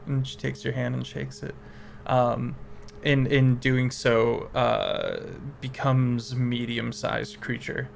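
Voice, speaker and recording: Man game master, slow and gravelly, faint background hum. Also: medium pitch, animated. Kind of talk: narrating a tabletop game.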